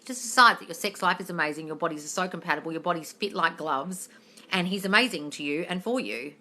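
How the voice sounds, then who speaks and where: Reading viewers' questions during a relaxed live-stream Q&A, a woman answers bluntly, swears without a second thought, and calls her audience darling. Her lowish voice is bright and forward, she talks fast, and she seems to be speaking into a phone at home.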